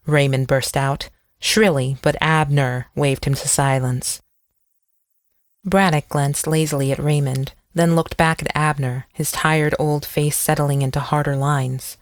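An audiobook narrator telling a novel in a measured, descriptive manner. The voice sits at a middle pitch, and the recording is dry and close with no room echo. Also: fairly even intonation. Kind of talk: scripted narration.

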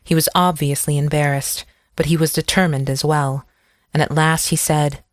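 An audiobook narrator reading a novel in a measured, descriptive storytelling manner. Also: medium pitch, little pitch movement, dry recording, studio quality. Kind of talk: scripted narration.

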